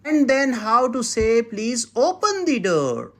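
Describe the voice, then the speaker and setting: Woman teaching to beginners, super slow and careful, repeats every phrase, pitch jumps all over. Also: sing-song. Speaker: Mandarin teacher. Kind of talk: beginner language lesson.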